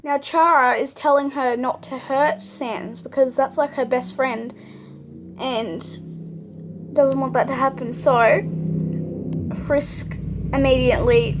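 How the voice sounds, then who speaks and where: A woman's voice: sits high, noisy background. A young woman casually retelling a fan story she made, chatty and full of fillers.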